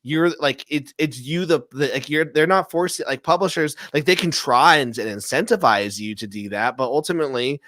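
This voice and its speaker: Guy hosting a live show, animated storyteller, dry close sound. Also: on the high side, fairly quick, hardly any pauses, no room sound. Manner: animated storyteller, acts out quotes, laughs often. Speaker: podcast host. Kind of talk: casual live-stream chat.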